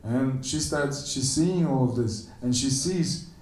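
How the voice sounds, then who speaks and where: Man, storytelling sermon, mellow tone, echoey hall, heard from a distance. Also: slow pace. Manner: animated storyteller, acts out the characters' quoted lines in a higher voice. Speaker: temple lecturer. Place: temple hall.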